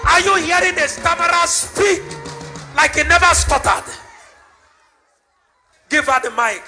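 Male preacher, high and very bright, exhorting a crowd; light music underneath. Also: expressive, measured pace. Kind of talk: healing service preaching. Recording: live church service with music.

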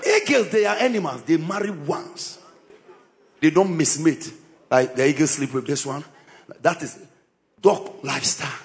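A man preaching a sermon, impassioned, often shouting with sing-song cadences. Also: a little high, normal speed, pauses often.

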